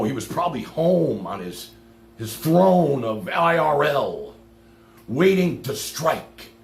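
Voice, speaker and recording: Man, streamer ranting to chat, lively pitch, echoey room with faint hum. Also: gravelly. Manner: fired-up, profane, swings loud then drops low. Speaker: live streamer. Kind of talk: ranting live stream monologue.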